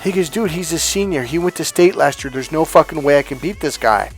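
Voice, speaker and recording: A man telling a personal story as a motivational coach, animated and swearing freely, acting out quoted dialogue loudly. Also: fairly high pitch, a little fast, soft background music. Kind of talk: casual storytelling monologue.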